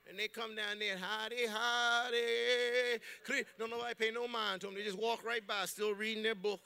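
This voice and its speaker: A man preaches from the pulpit, moving from easy storytelling into shouting. His voice sits high for a man and has a hard, driving edge. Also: little pitch movement, quick pace. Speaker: pastor. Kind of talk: preaching sermon.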